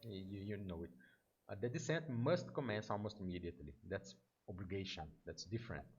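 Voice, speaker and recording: A Brazilian man, a native Portuguese speaker with a Brazilian Portuguese accent, gives a one-on-one online lesson in aviation English. His voice sits on the low side and is expressive, fairly quick and slightly rough, as he patiently explains things and often checks in with "okay?" The recording is muffled.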